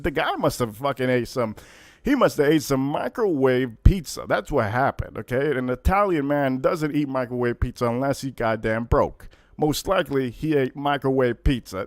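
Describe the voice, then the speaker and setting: A man hosting a casual livestream, telling stories in an animated, profane way. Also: mid-range voice, no room sound. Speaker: livestream host.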